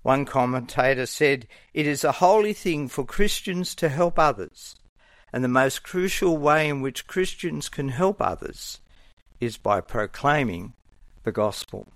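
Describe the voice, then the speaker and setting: Slow, earnest preacher. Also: male voice, medium pitch, expressive, fairly bright tone, no room sound. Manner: measured, earnest, acts out quoted voices. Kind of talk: sermon.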